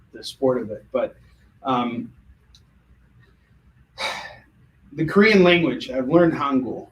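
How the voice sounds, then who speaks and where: An American man chats casually on a livestream, jumping between comic sales and stories with lots of ums and restarts. His voice sits at an ordinary middle pitch. Faint noise hums behind him. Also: poor audio. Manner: animated, jokey, hesitant with fillers. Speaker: host selling comics.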